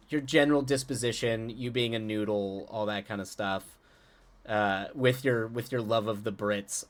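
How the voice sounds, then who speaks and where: Running a live stream, a man talks with his viewers haltingly and ramblingly, often restarting and chuckling, and later reads a story out loud. His voice is mid-range, and he responds to chat directly in a playful way.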